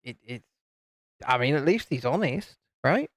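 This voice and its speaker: A man's voice: animated, measured pace, no room sound. A man from the UK casually chatting on a live stream while building LEGO, teasing his friends and reading out viewer comments. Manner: mimics friends in higher voices.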